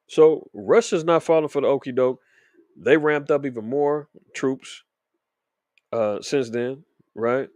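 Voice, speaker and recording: A man's voice: medium pitch, lively intonation, unhurried, a little mellow, no echo, clean studio sound. A man hosting a commentary show, reading news headlines aloud and adding informal, emphatic opinion for his viewers.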